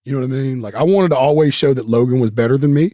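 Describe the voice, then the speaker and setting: In a casual interview, a male guest races through his stories in a mid-range, dark-toned voice, rambling, filling gaps with filler words and correcting himself as he restarts. The recording is dry and studio quality.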